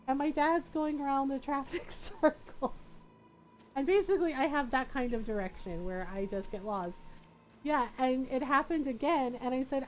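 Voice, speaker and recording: A woman's voice: sits high, lively intonation, moderate pace, slight background noise, rough recording. A woman game streamer telling a story in a chatty, rambling way, full of fillers. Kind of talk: casual storytelling on a livestream.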